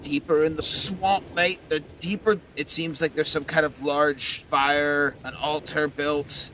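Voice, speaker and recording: A man's voice: on the high side, steady tone, unhurried, pushed and bright, a little hiss or hum, voice pushed up. A man voicing the spirit of a dead werewolf speaking through its skull, coarse, swearing and pained.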